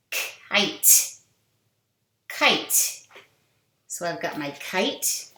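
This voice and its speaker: A woman teaching a phonics lesson to young children, sounding out words slowly with sing-song prompts. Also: mid-range voice, fairly bright tone. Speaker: kindergarten teacher. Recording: echoey room.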